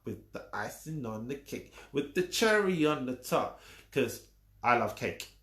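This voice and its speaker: A man's voice: mid-range voice, sing-song, measured pace, fairly bright tone. A man coaching viewers on a live stream, talking emphatically, repeating his points and teasing his audience. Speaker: social media coach hosting a live stream. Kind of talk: casual live-stream teaching. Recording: roomy echo.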